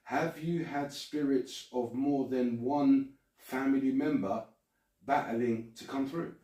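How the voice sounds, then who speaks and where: A man's voice: medium pitch, fairly even intonation, takes it slowly, mellow. A man hosting a casual podcast, rambling and joking with his guests and swearing freely. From Britain. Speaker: podcast host. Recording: roomy sound from a distant mic.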